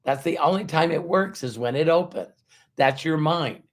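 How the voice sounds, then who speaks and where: A man's voice: a little high, moderate pace. A man giving a motivational talk, telling stories in a conversational way, repeating words for emphasis and acting out quoted dialogue with rhetorical questions. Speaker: motivational speaker.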